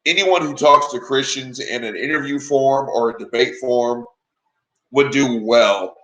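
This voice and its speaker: A blunt, emphatic man answers questions as an interview guest, now and then clearing his throat from allergies. His voice has a bright, forceful edge at a middle pitch. The room around him rings with echo. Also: a little slow. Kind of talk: casual interview chat. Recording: echoey room.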